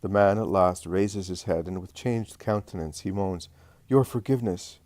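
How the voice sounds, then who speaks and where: A man narrating religious prose in a steady, even reading voice. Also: deep voice, moderate pace, dry recording.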